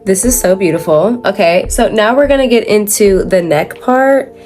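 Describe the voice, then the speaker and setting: A woman's voice: medium pitch, moderate pace, a little mellow, soft background music. Chatty young woman vlogger, rambling. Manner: rambling, filler-heavy, frequent self-corrections; laughs often, slangy, swears casually. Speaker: makeup vlogger. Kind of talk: casual chat while doing makeup.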